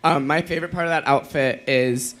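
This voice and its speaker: Bright-voiced chatty drag queen. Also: a little high, fairly even intonation. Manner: chatty, profane, quick to laugh. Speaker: drag queen contestant guest. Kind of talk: casual chat.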